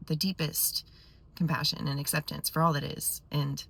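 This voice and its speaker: A woman vlogger telling a story to her viewers in a casual, animated way with quick asides. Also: low voice, gravelly, breathy edge.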